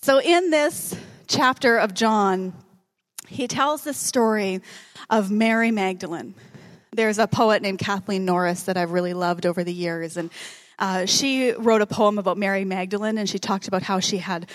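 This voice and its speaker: A woman's voice: mid-range voice, normal speed. A woman preaching a sermon in a conversational, joking manner, dropping to a whisper at dramatic moments.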